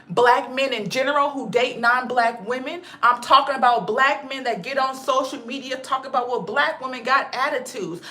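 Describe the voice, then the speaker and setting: A woman's voice: high voice, pushed and bright. A woman hosting a commentary vlog, talking emphatically and with profanity, repeating her points for effect and calling her listeners "baby". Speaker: channel host.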